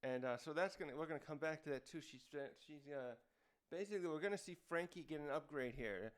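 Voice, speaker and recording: A man's voice: fairly high pitch, fast. A man hosting a casual recap, talking off the cuff with lots of fillers and restarts. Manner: rambling, many fillers and restarts. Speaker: manga review host.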